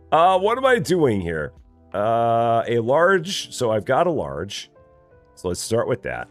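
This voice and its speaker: A man's voice: medium pitch, huge pitch swings, takes it slowly, pauses often, soft background music. A man streaming a game live, chatting casually, reading chat aloud and joking in a rambling way.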